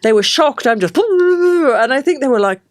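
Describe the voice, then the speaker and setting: Lively woman storyteller, dry close mic. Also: normal speed, dry recording. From Australia. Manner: animated storyteller, acts out quotes with big pitch jumps. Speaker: podcast host, baby sleep consultant. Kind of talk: casual chat.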